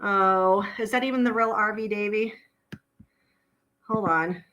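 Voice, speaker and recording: A woman's voice: medium pitch, unhurried, bright, forceful tone, lo-fi sound. A woman on a casual live stream at home, blunt and sweary, chatting with her viewers and her dogs, a little out of breath. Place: home, indoors.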